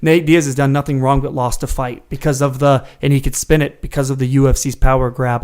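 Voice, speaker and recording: A man's voice: mid-range voice, flat delivery, brisk, few pauses, darkish tone, clear, resonant tone. A man in casual podcast debate, arguing his points emphatically as a co-host. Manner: emphatic, argumentative.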